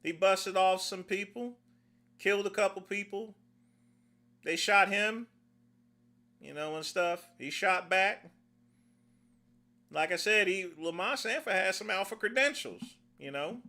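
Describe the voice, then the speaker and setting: A man's voice: high-pitched, unhurried, pauses often, pushed and bright. A middle-aged man hosting a casual livestream, rambling in a folksy way and calling his viewers "folks.". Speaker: livestream host.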